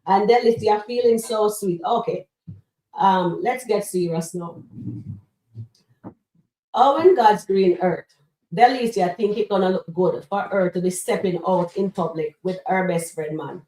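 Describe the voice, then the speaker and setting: A woman's voice: medium pitch, unhurried, dark tone, distant mic. Chatty woman streamer in an echoey room. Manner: chatty, addresses chat as guys, frequent fillers. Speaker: livestream show host reviewing comedy skits. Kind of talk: casual live-stream commentary. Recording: roomy echo, voice set back from mic.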